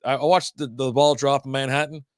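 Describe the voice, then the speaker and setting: A man's voice: mid-range voice, fairly even intonation, a little fast, no room sound, clean studio sound. A middle-aged man hosting a beer podcast live stream, chatting in a rambling, laid-back way and often correcting himself. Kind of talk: casual live-stream chat.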